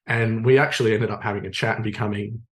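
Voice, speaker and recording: An Australian man, a podcast guest, telling a story in a relaxed, rambling way with plenty of fillers. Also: on the low side, fast. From Sydney, Australia. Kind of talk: casual storytelling in conversation.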